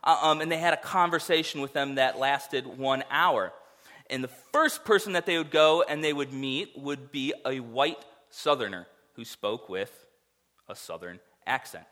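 Bright-voiced male pastor preaching. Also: medium pitch, moderate pace. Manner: conversational, animated preaching with rhetorical asides. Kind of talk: sermon.

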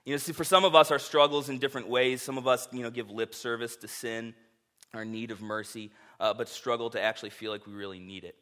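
Man, pastor, sermon, bright clear tone, casual and earnest. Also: mid-range voice, steady tone, fast talker. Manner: casual and earnest, with filler words and restarts.

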